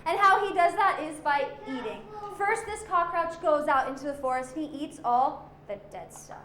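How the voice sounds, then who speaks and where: A woman's voice: sits high, expressive, moderate pace, fairly bright tone, echoey room, slight background noise. A woman presenting animals to a young audience as a zoo educator, playful and full of questions for the children.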